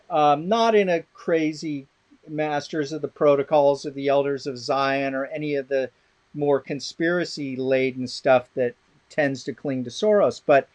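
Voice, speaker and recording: A man's voice: on the high side, a little mellow. A middle-aged man, a guest expert in an interview, telling rambling, blunt, sardonic stories with many restarts. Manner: rambling anecdotal storytelling with restarts. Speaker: guest expert on law of armed conflict. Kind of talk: casual interview conversation.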